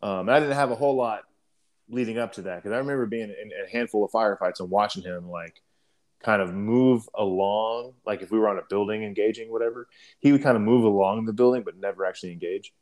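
Young adult man, lowish voice, casual profane storyteller, throat-clearing habit. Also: quick pace, a little mellow. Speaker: guest telling a war story.

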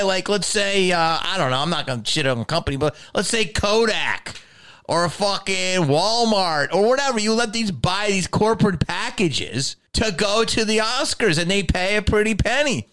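A middle-aged man and actor ranting in casual talk, swearing constantly and sounding exasperated, his voice climbing higher as he gets riled up. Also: lively intonation, normal speed, fairly bright tone, smooth. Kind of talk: profane casual rant.

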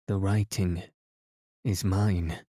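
A man's voice: deep voice, steady tone, drawn-out words, mellow, slightly rough, no echo, clean studio sound, heavily acted. A man reading aloud, voicing a frightened, imaginative teenage girl who stammers and trembles.

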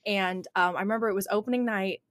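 A woman's voice: medium pitch, fairly even intonation, quick pace, fairly bright tone, dry recording. Woman, twenties, podcast co-host, rambling storyteller, dry sound. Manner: chatty storyteller, lots of "like" fillers. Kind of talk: casual chat.

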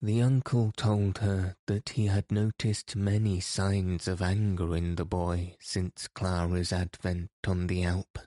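Deep slow-reading male narrator. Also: little pitch movement, mellow, dry recording, clean studio sound. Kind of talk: audiobook narration.

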